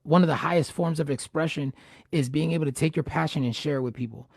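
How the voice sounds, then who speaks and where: A man with a somewhat high voice and a gravelly edge talks animatedly as the host of a casual live-streamed chat. He often doubles words when he gets going. The sound is dry and close, with no room around it. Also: fast talker, no room sound.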